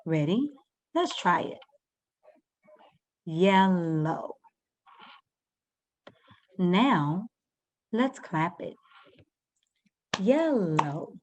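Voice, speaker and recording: A woman's voice: on the low side, very animated, slow, long pauses. A woman teaching a first-grade reading lesson, patiently sounding out words and guiding young children step by step.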